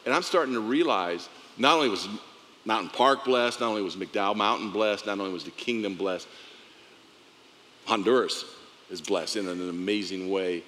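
A pastor with a bright, forceful voice tells a story from the pulpit, laughing often and slipping into the voices of the people in it. His voice rings out across a large sanctuary with a long reverb tail. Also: fairly low pitch, normal speed. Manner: animated storyteller, laughing often, acting out dialogue.

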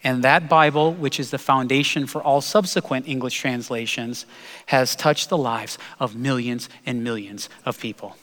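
A man preaching a sermon as pastor, telling a story earnestly and slowing down for emphasis. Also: mid-range voice, fairly even intonation, fairly bright tone. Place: church sanctuary. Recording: long hall reverb.

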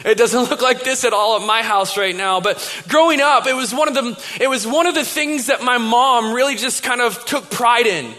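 High-voiced man preaching in a reverberant hall. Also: moderate pace, few pauses, bright, forceful tone. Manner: conversational storytelling with many restarts. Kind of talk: sermon. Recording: long reverb of a large hall.

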